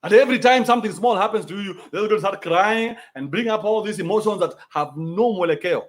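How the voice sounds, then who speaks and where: A man's voice: high-pitched, quick pace. A man with a Kenyan accent hosting a livestream, reading out donations and ranting bluntly with plenty of profanity.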